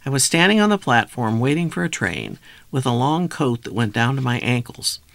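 A man's voice: mid-range voice, sing-song, moderate pace, creaky, fairly bright tone, dry recording. A man reading his own memoir aloud in a reflective, wry first-person storytelling manner. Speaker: memoir narrator.

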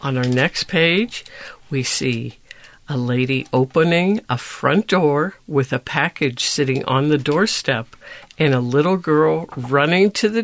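Brief: gentle storyteller, slow-paced, gravelly voice, reading a picture book aloud. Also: mid-range voice.

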